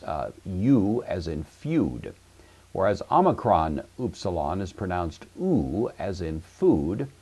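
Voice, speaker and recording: A man giving a recorded language-course lecture, explaining step by step in a measured way with frequent "uh" fillers. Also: sits low, a little mellow. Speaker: Greek teacher.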